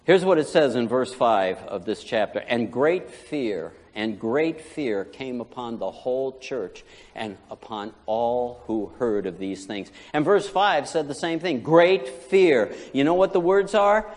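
A man preaching a sermon as pastor, animated, swinging from loud preaching to quiet asides. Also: mid-range voice, in a large hall.

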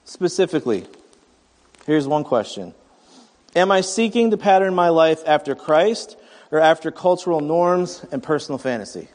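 A man's voice: a little high, expressive, normal speed, a little mellow, long reverb tail. A man in his thirties preaching a sermon in a conversational, storytelling way, often restarting his sentences. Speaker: pastor.

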